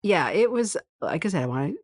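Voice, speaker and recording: A woman's voice: on the low side, big pitch swings, brisk, a little mellow, no room sound. A woman from Michigan in casual conversation, rambling and correcting herself with small chuckles. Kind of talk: casual book discussion.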